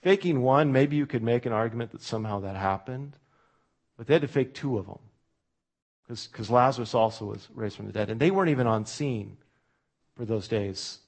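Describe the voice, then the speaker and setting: A man preaching to his congregation in an easygoing, conversational way. His voice sits at an ordinary middle pitch. He often drops low and quiet when he speaks the quoted lines. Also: moderate pace. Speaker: pastor. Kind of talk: sermon.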